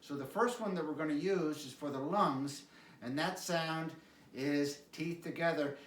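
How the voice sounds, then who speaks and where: A man leads a qigong class in a slow, calm voice, repeating his cues patiently. His voice sits a little high. He is heard from a distance in an echoey room with a faint hiss behind. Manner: calm, unhurried cueing with repeated prompts. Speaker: qigong instructor. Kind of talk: guided exercise instruction.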